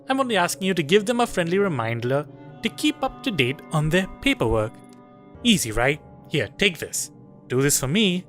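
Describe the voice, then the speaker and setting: A man's voice: on the high side, a bit bright. Man voicing a silky yakuza boss woman. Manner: silky, coolly menacing. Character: smooth scheming female yakuza boss.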